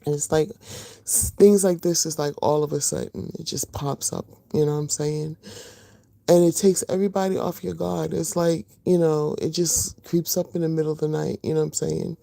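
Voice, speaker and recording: A middle-aged woman hosting a casual livestream, just woken up with a rough voice, chatting to her viewers with lots of fillers. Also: sits low, fairly even intonation, moderate pace, no room sound. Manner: chatty, warm greetings to viewers, many fillers. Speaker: livestream host.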